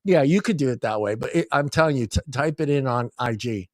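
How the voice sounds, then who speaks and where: A man's voice: mid-range voice, brisk, dry recording. Joking male host with a dry sound. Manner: loose, joking, laughs often. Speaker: show host. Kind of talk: casual panel chat over video call.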